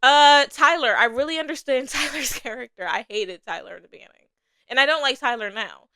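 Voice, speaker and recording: A young adult woman hosting a casual TV review podcast, animated and swearing casually, laughing often between her thoughts. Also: sits high, fairly quick, slight background noise. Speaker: podcast host.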